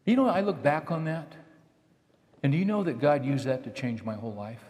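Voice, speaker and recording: A middle-aged male pastor tells a story from the pulpit in an easy, conversational way. His voice sits a little high for a man and rings out with the long reverb of a big hall. He keeps it personal and chatty. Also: a little fast. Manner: conversational, acts out quoted dialogue with lively shifts. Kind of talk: storytelling sermon.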